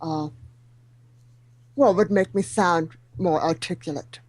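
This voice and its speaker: A middle-aged woman guest whose speech is shaped by hearing loss, with high sounds softened or missing, telling her story with self-deprecating humor. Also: takes it slowly, dry recording, poor audio. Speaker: guest speaker. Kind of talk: talk show interview.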